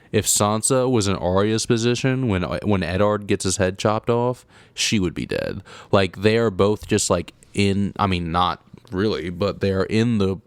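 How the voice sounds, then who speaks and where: A man's voice: fairly low pitch, smooth, no echo. A man co-hosting a podcast in casual chat, laid-back and explaining things at length. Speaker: podcast co-host.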